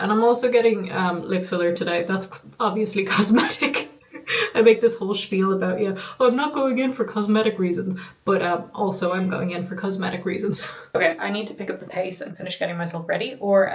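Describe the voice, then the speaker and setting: A woman's voice: medium pitch, fairly even intonation, brisk. A young woman vlogging in a casual, chatty way, laughing often and poking fun at herself. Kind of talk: casual vlog chat. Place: at home.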